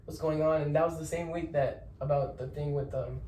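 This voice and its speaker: A man's voice: on the high side, fairly even intonation, fairly quick. Young man rambling through a story. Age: young adult. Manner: rambling, repeats words, many shout-outs. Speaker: podcast guest. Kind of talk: casual storytelling chat. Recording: roomy echo, distant mic, faint noise.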